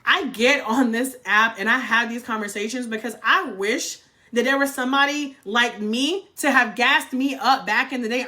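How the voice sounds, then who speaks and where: Bright-voiced fired-up woman. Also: fairly high pitch. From North Carolina, US. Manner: blunt, fired-up, swears freely, says y'all. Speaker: livestream host. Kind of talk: motivational livestream rant.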